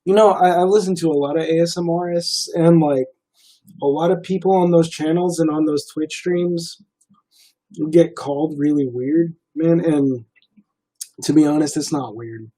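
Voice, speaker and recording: Slightly high-pitched for a man, this young livestreamer's soft, mellow voice drifts through a laid-back chat. He rambles easily, his pauses packed with fillers like "um" and "like."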